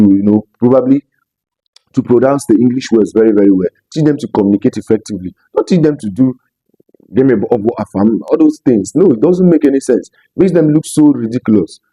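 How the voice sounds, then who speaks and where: A man from Nigeria delivers pointed commentary straight to his viewers. His voice sits low and very dark, recorded dry and close. He talks emphatically and repeats phrases to drive each point home. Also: no echo, poor audio. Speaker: commentary vlogger. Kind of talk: opinion commentary vlog.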